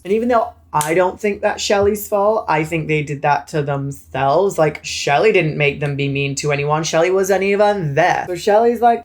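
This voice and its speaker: A man's voice: on the high side, measured pace, darkish tone. A young man with a British accent, recapping a film in a sassy, camp, swearing manner. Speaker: film reviewer. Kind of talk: casual movie recap.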